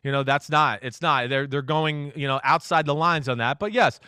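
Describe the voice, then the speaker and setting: A man who is a football analyst, a guest in a casual interview, telling stories in an animated way and acting out what others said. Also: on the high side, moderate pace, clear, resonant tone, dry recording, clean studio sound. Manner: animated storyteller, acts out quotes.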